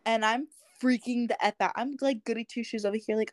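A woman's voice: fairly high pitch, fairly quick, a little mellow, no room sound, clean studio sound. A young woman co-hosting a podcast, telling a story in casual chat and acting out the dialogue. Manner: chatty storyteller, acts out dialogue, many "like"s. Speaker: podcast co-host.

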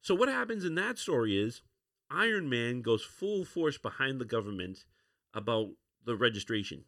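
A man's voice: medium pitch, sing-song, moderate pace, a bit bright, no echo. Rambling man reviewing comics, dry sound. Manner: rambling, many restarts and fillers. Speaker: podcast host. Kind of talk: casual comic book review.

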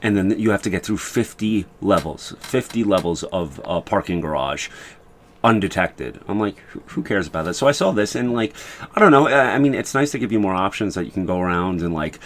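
A man co-hosting a casual gaming chat, with a fairly low voice. He gives blunt, dismissive opinions and often restarts his words mid-sentence. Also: lively intonation, a little fast. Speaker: podcast co-host.

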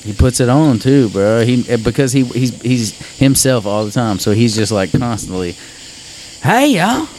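This casual chat features a man whose mellow, mid-pitched voice carries a Central Louisiana Southern drawl. He talks emphatically at a moderate clip with hardly a pause, swearing liberally and wandering around his point, captured on a low-quality recording with slight background noise.

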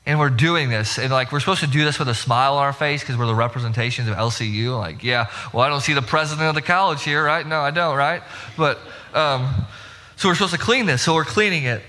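Bright-voiced man preaching in a hall. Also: medium pitch, fast. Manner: storytelling, self-mocking, rising to emphatic rhetorical questions. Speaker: pastor. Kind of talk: sermon.

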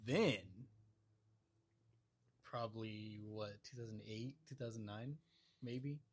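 Blunt, teasing young podcast co-host. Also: male voice, fairly low pitch, fairly even intonation, slow. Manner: blunt, teasing, swears a lot. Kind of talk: casual chat.

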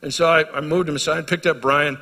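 A middle-aged male pastor preaching a sermon, telling a story and moving from hushed to loud and emphatic. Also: a little high, steady tone, fairly quick. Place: church hall. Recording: reverberant church hall.

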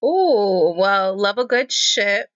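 A woman's voice: mid-range voice, expressive, slow, a bit bright, dry recording, lo-fi sound. A woman guest on a podcast, chatting enthusiastically and gushing about things she loves. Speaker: interview guest. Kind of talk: casual chat.

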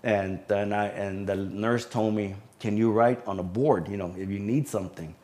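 A man being interviewed as a sheriff's deputy guest, telling a personal story in a halting way with many fillers. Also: on the low side, fairly even intonation, darkish tone. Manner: halting recounting with frequent fillers.

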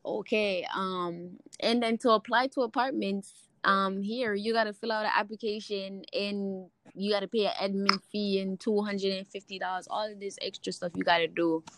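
Animated young woman, jamaican accent. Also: medium pitch, normal speed, low-quality recording. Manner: expressive, acts out voices, laughs easily. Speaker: guest sharing a testimony. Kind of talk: animated faith storytelling.

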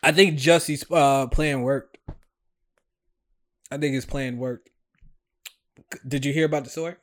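A man in casual chat with a friend, animated and slangy, laughing often. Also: medium pitch, a little slow.

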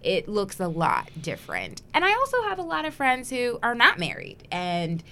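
A woman's voice: a little high, wildly swooping pitch, normal speed, sharp tone. A young woman hosting a podcast in a casual, chatty way, with frequent ums and easy laughs. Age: young adult. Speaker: podcast host.

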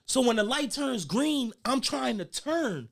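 A young man co-hosting a podcast, telling stories in a loud, animated, cursing way. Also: extremely high pitch, measured pace, vocal fry. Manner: animated storytelling, swears a lot, gets loud when riled. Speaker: podcast co-host. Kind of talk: casual chat.

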